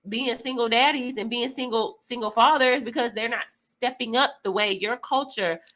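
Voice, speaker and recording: A woman's voice: on the high side, normal speed, fairly bright tone. A young woman, a mother, talking candidly in a casual chat, frank and slangy.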